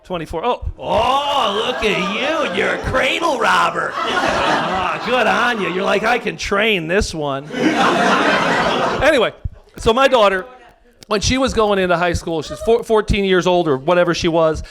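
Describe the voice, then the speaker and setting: Brash American stand-up, middle-aged man, high voice, crude punchlines, live stage mic buried under heavy crowd roar. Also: animated, unhurried, very noisy. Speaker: stand-up comedian. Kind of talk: stand-up comedy set. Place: comedy venue stage before a live audience. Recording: live set drowned by loud crowd laughter.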